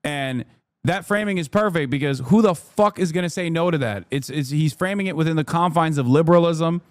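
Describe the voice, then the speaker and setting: A man's voice: fairly high pitch, brisk, no room sound, clean studio sound. A man streaming heated, profane political commentary, often slipping into mocking voices. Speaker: streamer reacting to news.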